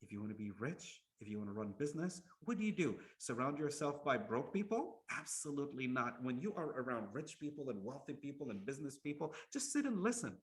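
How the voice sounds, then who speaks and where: Lively male storytelling preacher. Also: medium pitch, brisk, hardly any pauses. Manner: lively, restarts words, acts out quotes. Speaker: Islamic lecturer. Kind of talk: storytelling sermon.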